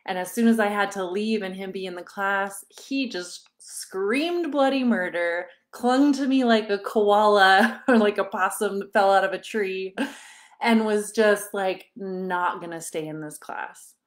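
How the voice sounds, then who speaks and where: A woman in her thirties coaching parents in a live online session, talking casually to her audience. She tells stories with frequent little laughs. She slips into animated voices when she quotes people. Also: medium pitch, a little slow. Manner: warm, chatty storytelling with frequent laughs.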